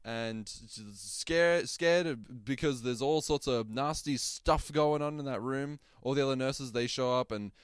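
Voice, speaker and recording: A man's voice: mid-range voice, a little slow, few pauses, smooth, dry recording, studio quality. A man co-hosting a podcast, retelling a film plot in casual chat with jokey asides and silly voices. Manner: jokey, animated storytelling with silly put-on voices. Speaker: podcast co-host.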